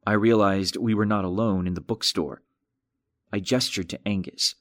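A man narrating a mystery audiobook in an even, wry, measured manner. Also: on the low side, dry recording, studio quality. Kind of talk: scripted narration.

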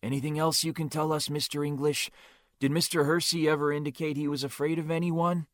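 Audiobook figure: older male cop, quick routine questioning, read by a male narrator. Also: a little high, level tone, no echo, studio quality, pitched above the performer's own voice, natural voice. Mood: businesslike. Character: brisk, older male police detective.

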